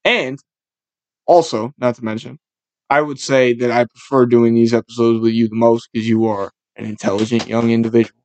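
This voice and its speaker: A man's voice: mid-range voice, little pitch movement, moderate pace, a little mellow, dry recording, lo-fi sound. A man hosting a casual podcast, joking around and swearing loosely. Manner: profane, joking, loose banter. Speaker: podcast host.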